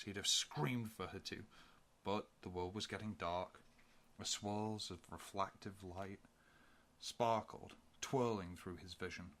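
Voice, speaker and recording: Male audiobook narrator, low voice, steady measured read. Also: slight background noise.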